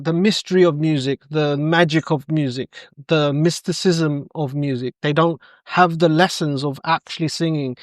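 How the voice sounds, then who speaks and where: Clean studio sound and a dry recording carry this middle-aged man's fairly high voice. As a coach guesting on a podcast, he spins conversational stories and brings the quoted speech to life with animated delivery.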